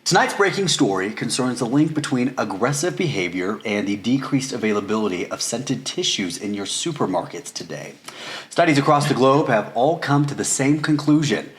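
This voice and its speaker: Lively, playful male news anchor. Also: medium pitch, normal speed. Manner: lively, laughing, playful ad-libs. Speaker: morning news anchor, guest. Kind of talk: casual chat and mock newscast reading.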